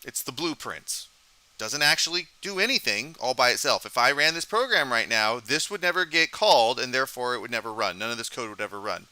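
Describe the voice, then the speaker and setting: A man's voice: mid-range voice, expressive, moderate pace, sharp tone, clear, resonant tone, no echo. A man teaching a college programming lecture, talking casually while coding live, thinking aloud and asking the class questions.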